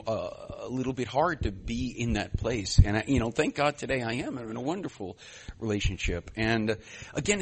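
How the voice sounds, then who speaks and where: A man with a husky, slightly breathy voice talks through his own story at a recovery meeting. He rambles and is self-deprecating, leaning on lots of fillers, then jumps up in volume when a point lands. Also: mid-range voice. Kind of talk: personal share, conversational storytelling.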